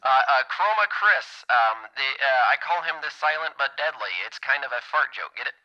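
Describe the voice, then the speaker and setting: A man putting on a pompous, self-promoting comedian on a phone call, with deadpan jokes. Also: medium pitch, normal speed. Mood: boastful. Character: cocky boastful male comedian on a phone call.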